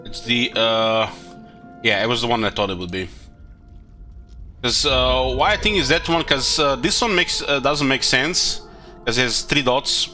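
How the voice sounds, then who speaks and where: A man's voice: mid-range voice, measured pace, bright, forceful tone, soft background music. A man streaming a video game, chatting casually in a rambling, profane way with lots of fillers. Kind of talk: casual gaming commentary.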